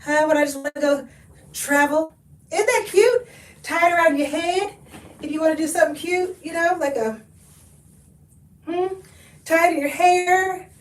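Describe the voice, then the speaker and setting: Chatty high-voiced woman, sniffly. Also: moderate pace, pauses often, far from the mic. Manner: chatty and expressive, talks to viewers, laughs often. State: sniffly from allergies. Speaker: thrift haul host. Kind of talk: live-stream haul chat. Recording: echoey room, mic set back.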